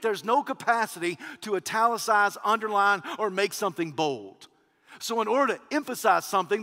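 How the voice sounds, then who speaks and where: A male pastor delivers an emphatic sermon in a high, bright, forceful voice, hammering home repeated phrases and dropping at times to a near hush. The sound rings out with a long reverb, as in a large church sanctuary. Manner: emphatic preaching with repeated phrases and wide swings in loudness.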